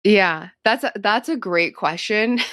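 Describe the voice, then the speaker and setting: A woman's voice: mid-range voice, animated, slow, fairly bright tone, dry recording, clean studio sound. A young adult woman talking in a casual interview as a guest. She is chatty and upbeat, with lots of "like" and "um". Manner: chatty, upbeat, heavy use of "like" and "um". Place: cosmetic surgery clinic.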